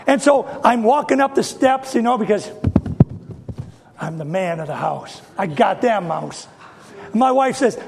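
A middle-aged man preaching a sermon, telling funny stories in an animated way and asking his audience questions. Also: sits high, normal speed, vocal fry. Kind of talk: sermon storytelling.

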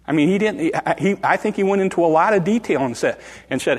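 A man with a somewhat high voice preaches to his congregation in a casual, conversational way. He stumbles, repeats words and restarts his sentences as he explains a passage. His voice rings with the long reverb of a church hall. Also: lively intonation, fast, husky. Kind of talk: informal sermon with Bible teaching.

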